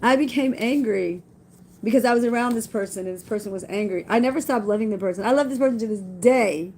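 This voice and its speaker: A middle-aged woman with a high-pitched voice talks about faith in a casual vlog. She speaks in a folksy, preachy way, and she comes back to the same lines again and again to drive them home. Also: fast talker, darkish tone, slight background noise. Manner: folksy, preachy, repeats phrases for emphasis. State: tearful at times. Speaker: vlogger. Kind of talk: casual spiritual talk with scripture.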